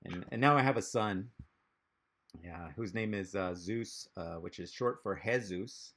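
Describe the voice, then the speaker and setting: Gravelly low-voiced man doing stand-up. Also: fairly bright tone. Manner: rambling, halting delivery with many fillers. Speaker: stand-up comedian. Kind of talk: stand-up set over video call. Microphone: video call.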